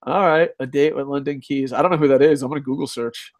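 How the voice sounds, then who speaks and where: A man's voice: medium pitch, steady tone, quick pace, darkish tone. A man hosting a casual live stream, reading chat, swearing and ranting, laughing often. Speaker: host.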